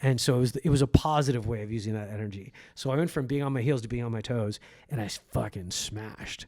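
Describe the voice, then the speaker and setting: A man's voice: mid-range voice, fast talker, darkish tone, dry recording, studio quality. A comedian in his forties who grew up in Egypt, telling stories in a casual podcast conversation, acting out quoted voices and swearing freely. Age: 40s. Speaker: comedian guest.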